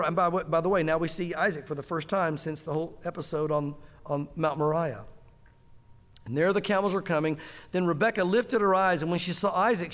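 High-voiced male pastor preaching in a hall. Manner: animated storytelling, acting out dialogue. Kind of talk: sermon.

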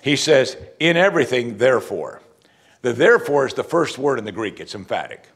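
Husky-voiced preacher, lively pitch. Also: male voice, fairly quick. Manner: animated preaching, acting out quoted voices. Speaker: pastor. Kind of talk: sermon.

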